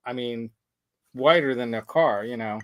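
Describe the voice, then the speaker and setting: A man hosting a casual show, telling a story in a rambling, animated way with laughs. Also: mid-range voice, a little slow, dry recording, highs cut off. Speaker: show host. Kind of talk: casual chat.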